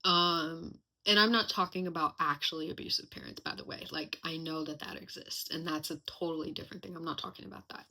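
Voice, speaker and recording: A woman's voice: sits low, steady tone, brisk, vocal fry, few pauses, pushed and bright. A young woman hosting a casual personal podcast, talking candidly and reflectively with lots of chatty fillers. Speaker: podcast host.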